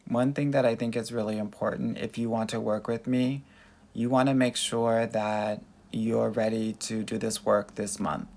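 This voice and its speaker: Gravelly-voiced man with Valley Girl manner. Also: on the low side, level tone, normal speed, a little mellow. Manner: chatty, calls viewers girl and honey. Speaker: dating coach. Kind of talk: livestream Q&A answering chat comments.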